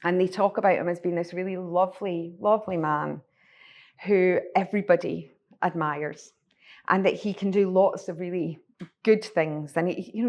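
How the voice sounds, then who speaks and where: A woman's voice: fairly low pitch, darkish tone, highs cut off. A Scottish woman giving a conference workshop talk, telling a story with frequent ums and restarts. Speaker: workshop presenter. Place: conference room.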